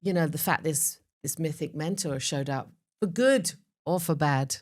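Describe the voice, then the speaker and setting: A woman's voice: low-pitched, moderate pace. A woman hosting an interview, reflecting on the guest's story and sharing her own memories in a supportive way. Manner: affirming, reflective listener. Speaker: podcast host. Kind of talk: conversational interview.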